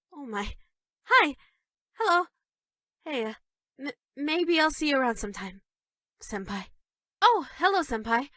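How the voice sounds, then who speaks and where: A woman's voice: high voice, dry recording, clean studio sound. Sweetly creepy yandere schoolgirl. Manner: shy and stammering, with sudden dark menace. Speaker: voice actress for a dating game character. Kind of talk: scripted game voice lines.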